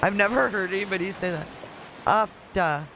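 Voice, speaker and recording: A woman with a Michigan accent talks at normal speed in a fairly low voice, hosting a casual live-chat stream and answering viewer comments one after another. She's at home in Florida waiting out a hurricane, and the background is noisy.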